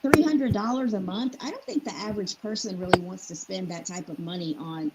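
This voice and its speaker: A woman's voice: medium pitch, fairly quick, dull audio, a loud crowd. A woman in casual chat who speaks hesitantly and repeats herself. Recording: loud background noise.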